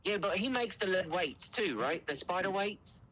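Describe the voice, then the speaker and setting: Casual: fake british accent, irate customer, high bright voice, blustery. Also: male voice, lively intonation, normal speed, full character voice, poor audio. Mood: angry, blustering. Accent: put-on British. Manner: blustering, stammering complaints. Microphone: phone call.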